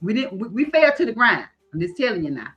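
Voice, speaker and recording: A woman's voice: mid-range voice, sing-song, fast talker, fairly bright tone, faint music behind. Folksy woman telling stories. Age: middle-aged. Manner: storytelling, folksy, calls listeners honey and baby. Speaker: guest, online creator. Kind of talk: casual livestream chat.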